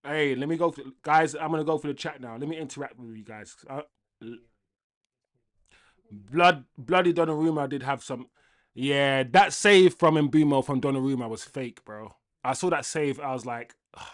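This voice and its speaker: A young man hosting a live football watchalong, ranting casually to his chat and swinging between loud outbursts and low muttering. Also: normal speed. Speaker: livestream football watchalong host.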